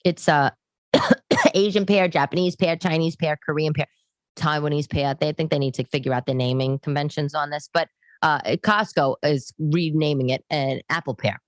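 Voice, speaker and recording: A woman's voice: deep voice, fairly even intonation, moderate pace, no echo. A woman in her forties with a New York accent, a comedian hosting a podcast from her living room, rambling on in a chatty monologue full of asides.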